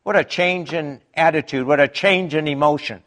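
A man preaching a sermon in an emphatic, deliberate way, his pitch rising and dropping dramatically. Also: fairly bright tone, muffled recording.

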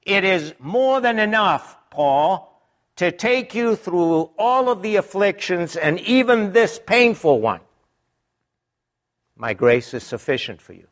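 Slow, emphatic male preacher. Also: sing-song. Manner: emphatic, deliberate, with dramatic rises and drops in pitch. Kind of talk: sermon.

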